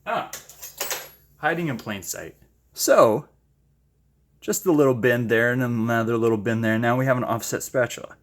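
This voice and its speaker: A man chatting casually while he paints, gushing with excited exclamations and making self-deprecating asides. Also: mid-range voice, moderate pace, long pauses. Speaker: paint-pouring channel host.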